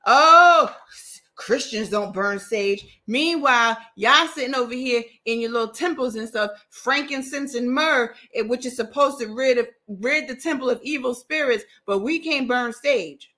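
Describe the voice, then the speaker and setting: A woman's voice: a little high, normal speed, bright, forceful tone. A woman hosting a podcast, giving sarcastic, mocking commentary on a book she reads from and often laughing at her own jokes. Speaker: podcast host.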